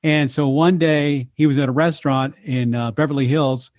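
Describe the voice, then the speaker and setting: A man's voice: a little high, moderate pace, no echo. A man, a voice actor and impressionist, telling stories animatedly as a guest in a chat. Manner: animated storyteller, slips into voices. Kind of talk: storytelling chat. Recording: slightly dull lo-fi sound.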